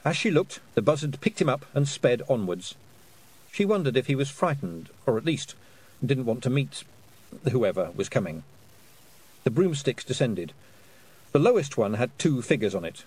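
Husky, animated male storyteller. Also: medium pitch, moderate pace, long pauses, poor audio. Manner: expressive storybook reading. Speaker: audiobook narrator. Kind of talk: scripted narration.

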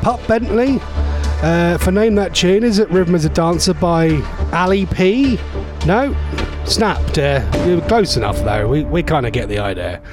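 A man's voice: high-pitched, expressive, unhurried, music in the background. A man from Norfolk with a Norfolk accent, hosting a radio show in a playful, teasing chat that coaxes listeners. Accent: Norfolk English. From Norfolk, England. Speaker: radio host.

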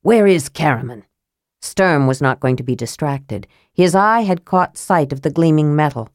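A woman reading a fantasy novel aloud as an audiobook narrator, in measured, even storytelling. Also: deep voice, dry recording, studio quality.

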